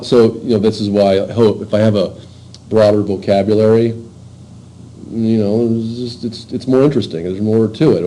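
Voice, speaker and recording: Man lecturing casually with a mellow voice. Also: fairly low pitch, rough recording. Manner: informal, halting, many fillers and restarts. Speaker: university lecturer. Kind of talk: classroom lecture.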